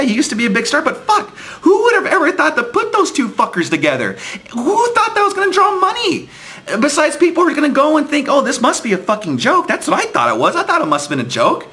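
A man's voice: very high voice, pushed and bright. Young guy ranting and cussing nonstop, voice jumps all over the place. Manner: angry, profane, repetitive restarts. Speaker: wrestling promoter ranting. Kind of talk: profane fan rant monologue.

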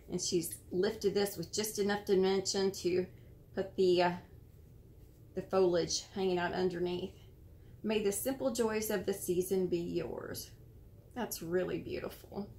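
An American woman hosting a casual show-and-tell of handmade cards, admiring and gentle, sometimes searching for words. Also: fairly low pitch. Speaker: card-making channel host.

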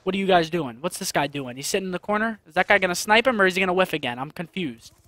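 High-voiced excitable gamer guy. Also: racing. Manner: excitable, slangy, breaks into loud swearing outbursts. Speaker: gaming YouTuber. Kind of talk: live gameplay commentary.

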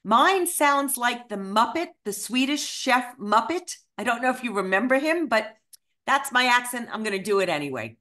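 A woman, a cookbook author telling anecdotes to an audience with animated, self-deprecating humor. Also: a little high, moderate pace. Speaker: cookbook author, guest speaker.

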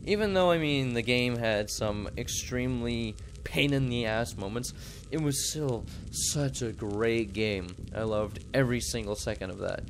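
A man streams a horror game, his speech slow and drawn out, breaking into startled exclamations and then gushing with enthusiasm. His voice sits at an ordinary middle pitch, with a faint hiss of noise behind it. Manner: enthusiastic reactions. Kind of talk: horror game livestream commentary.

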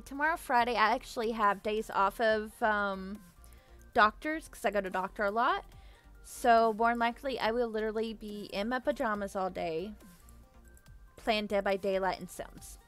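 A young adult woman chatting casually with viewers on a live stream, bubbly and giggly, thanking them effusively. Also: fairly high pitch. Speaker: livestreamer.

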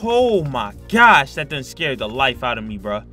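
A man's voice: medium pitch, big pitch swings, a little slow, bright, forceful tone, soft background music. A young man commentating a Minecraft horror play-through, slangy and jumpy, yelping and screaming at scares. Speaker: gaming YouTuber.

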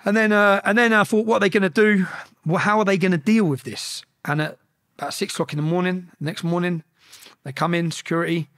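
A man telling a story as a podcast guest, animated and profane, acting out shouted exchanges. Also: sits high, fast talker. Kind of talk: casual storytelling.

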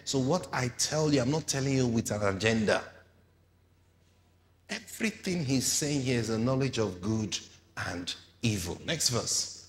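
A man's voice: mid-range voice, animated, unhurried, in a large hall. A man preaching a sermon, reading scripture aloud and explaining it with rhetorical questions to the congregation.

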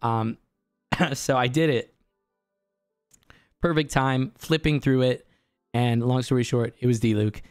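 Hoarse guy streaming, gets all hyped telling stories, dry room. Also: medium pitch, dry recording, faint music behind. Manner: excitable storyteller, quick to laugh. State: hoarse from an inflamed larynx. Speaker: streamer and voice actor. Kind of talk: casual streaming chat.

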